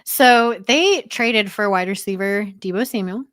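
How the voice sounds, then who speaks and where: A woman's voice: mid-range voice, a little slow, fairly bright tone, dry recording, studio quality. A woman co-hosting a casual football podcast, laughing often and ribbing her co-host. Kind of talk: casual sports chat.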